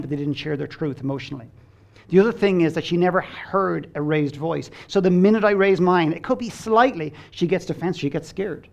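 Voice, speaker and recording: Blunt earnest guy coaching on a talk show, gravelly voice, acts out what people said. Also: on the high side. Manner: earnest, acts out quoted dialogue; blunt, swears casually. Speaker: guest, relationship coach. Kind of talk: conversational storytelling.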